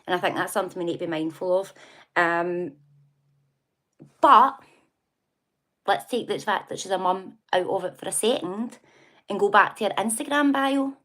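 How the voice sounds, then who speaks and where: A woman's voice: mid-range voice, normal speed, pauses often, a bit bright. A middle-aged Scottish woman from near Glasgow hosting a casual livestream, chatting and gossiping about the news, laughing often and reacting to viewer comments. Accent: Scottish (Glasgow area). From Scotland. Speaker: livestream host.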